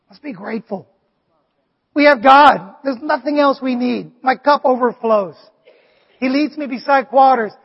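A male pastor giving an animated sermon, often asking the congregation "Amen?". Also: extremely high pitch. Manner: animated, preachy, asks the crowd "Amen?". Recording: dull, long hall reverb.

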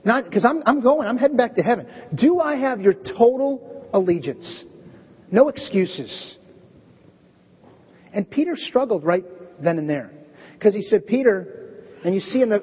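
A man preaching a sermon as pastor, animated and acting out bits of dialogue in different voices. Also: high-pitched, measured pace, long pauses, breathy edge. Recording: echoey dull hall recording.

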